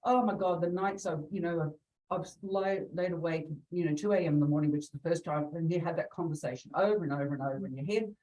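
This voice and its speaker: Appearing as a guest in a conversational interview, a middle-aged real estate agent talks fast in a warm, fairly low voice. She's chatty, laughs often, and imitates the people she quotes in her stories. She sounds distant from the mic.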